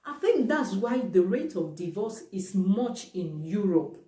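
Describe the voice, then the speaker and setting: Woman vlogger, warm low-key timbre, emphatic, echoey room recording. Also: very animated, unhurried. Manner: emphatic, repeats points for stress. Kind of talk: casual talk to camera. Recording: roomy, distant from the mic.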